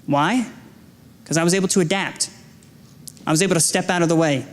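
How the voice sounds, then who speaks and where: A man's voice: fairly high pitch, fairly quick. A young adult man preaching a sermon as a guest speaker, earnest and exhorting, with repeated phrases, stammered restarts and self-deprecating stories. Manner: restarts and stammers when emphasizing. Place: church sanctuary.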